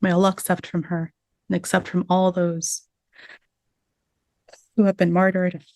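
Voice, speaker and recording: A woman's voice: on the low side, little pitch movement, measured pace, darkish tone, no echo. A woman telling an audience a survivor's story in an earnest way, slipping in Arabic religious phrases. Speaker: speaker retelling a survivor's story.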